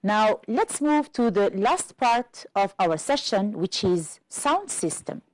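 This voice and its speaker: A woman from Algeria teaching an English exam-prep lesson on television, explaining carefully and slowly. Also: medium pitch, very animated, darkish tone, no echo, rough recording. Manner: slow, careful classroom explanation.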